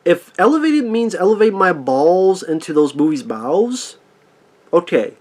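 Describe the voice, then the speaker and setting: A man's voice: high-pitched, sing-song, measured pace. A man ranting angrily and sarcastically in a profane movie review.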